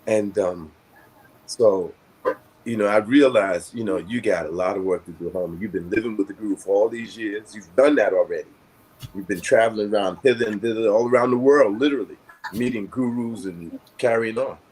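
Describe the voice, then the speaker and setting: A man's voice: lowish voice, normal speed, a little mellow, a little hiss or hum. An older man telling a long personal story in casual conversation, reflective and rambling with many fillers. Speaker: guest.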